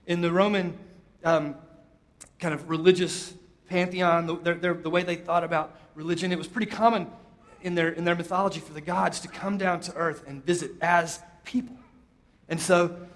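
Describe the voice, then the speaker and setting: A man with a fairly high voice preaches a sermon, retelling a scripture story. He lifts his voice for quoted lines and drops it soft for emphasis, with deliberate pauses.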